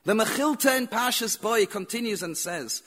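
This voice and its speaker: A man's voice: high voice, animated, moderate pace, a bit bright. A man teaching a Torah lecture as a rabbi, telling stories with repeated phrases and rhetorical questions.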